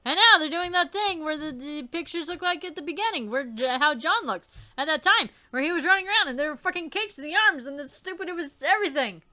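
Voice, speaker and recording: A woman casually commenting on a game she plays, rambling and cursing freely. Her voice is high and very bright, with quick, scattered asides. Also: lively intonation. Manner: rambling, swearing, laughing asides. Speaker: let's player.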